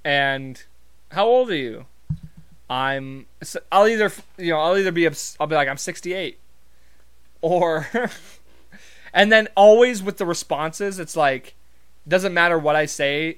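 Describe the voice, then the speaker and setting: A man's voice: fairly high pitch, a bit bright, smooth. A man from Montana telling a rambling, profane story in a casual, wry monologue full of fillers.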